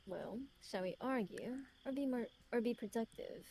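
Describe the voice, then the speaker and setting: A woman's voice: fairly high pitch, normal speed, mellow, slight background noise, voice pushed up, natural voice. A smug otherworldly man in a British accent, as a woman puts him on. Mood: teasing. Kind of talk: reading a story game aloud.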